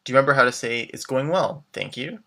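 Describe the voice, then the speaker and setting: Male language teacher, bright tone, mid pitch, slow model phrases, encouraging prompts. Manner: clear, slow modeled pronunciation with English glosses; encouraging, prompts the learner to answer. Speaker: French teacher. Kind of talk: beginner language lesson.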